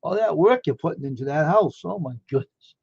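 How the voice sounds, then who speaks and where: A man's voice: a little high, lively intonation, a little fast, gravelly, darkish tone, slightly rough, no room sound. A man chatting casually on a live stream, rambling and amazed, firing off one question after another. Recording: dull lo-fi dry sound.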